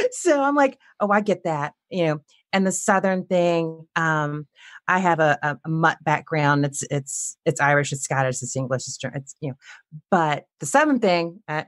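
A woman's voice: fairly low pitch, no room sound, clean studio sound. A woman who works as an audiobook narrator, speaking as a guest in a chatty, self-amused way. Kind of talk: casual interview chat.

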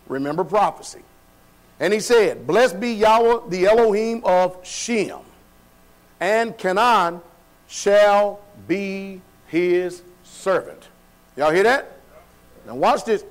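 A man preaching a sermon in a church hall, colloquial and loose, firing questions at the congregation and laughing between points. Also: high-pitched. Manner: call-and-response preaching, asks the congregation questions.

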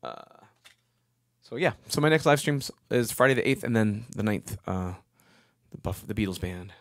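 A middle-aged music live streamer speaks expressively at a moderate pace in a fairly low voice, soaked in long reverb. Between songs he rambles casually and thanks his viewers one by one by name.

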